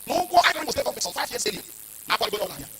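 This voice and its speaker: A man, preaching and giving announcements in a church, talking quickly with sudden high exclamations. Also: wildly swooping pitch, very noisy. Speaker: minister. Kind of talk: sermon and announcements. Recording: distant mic with loud music behind.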